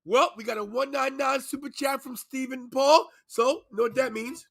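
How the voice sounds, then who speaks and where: A man hosting a live wrestling podcast, loud and playful, bursting into shouts and goofy sing-song bits. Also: extremely high pitch, normal speed, vocal fry, dry recording, studio quality, soft background music. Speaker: podcast host. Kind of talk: live watch-along chat.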